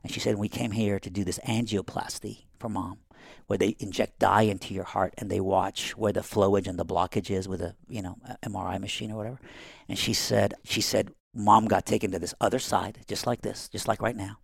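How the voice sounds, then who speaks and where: A low-pitched, gravelly man spins a family story as a podcast guest and acts out each person in it. He is middle-aged and from Iran. The sound is close and dry, with no room sound. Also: a little fast, few pauses, no room sound. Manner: animated, acting out quoted family members.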